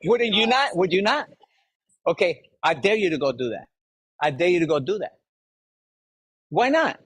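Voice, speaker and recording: A man giving an energetic, motivational sales talk to a live audience, speaking straight to the crowd. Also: high-pitched, slightly rough. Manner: energetic, fast-talking, addresses the crowd directly. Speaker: sales coach leading a live workshop.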